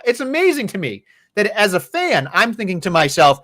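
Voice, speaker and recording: A man's voice: sits high, big pitch swings, a little fast, fairly bright tone. A man co-hosting a podcast, chatting casually about wrestling in a rambling, profane way. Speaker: podcast co-host.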